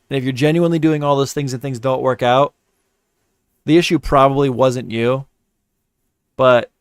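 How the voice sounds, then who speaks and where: A man's voice: mid-range voice, smooth, dry recording, studio quality. A man hosting a livestream, telling stories and giving blunt advice in a rambling, profane, offhand way. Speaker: livestream host. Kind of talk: casual livestream chat.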